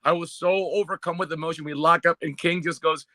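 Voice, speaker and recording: Higher, bright-voiced man hosting. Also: level tone, quick pace, dry recording. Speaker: podcast host. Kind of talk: casual chat.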